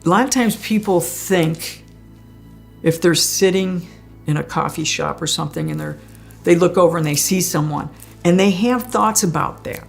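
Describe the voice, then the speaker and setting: Faint music sits behind a woman with a fairly low, vocal-fry voice, speaking at normal speed. She recounts her near-death experience as a guest in a casual, personal way, frequently laughing.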